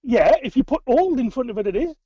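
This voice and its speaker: A man's voice: very high voice, animated, fast talker, mellow, slightly rough, dry recording. Teasing young man, lo-fi. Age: young adult. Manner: teasing, quizzing the guest on local slang. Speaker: podcast co-host. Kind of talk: casual video-call chat.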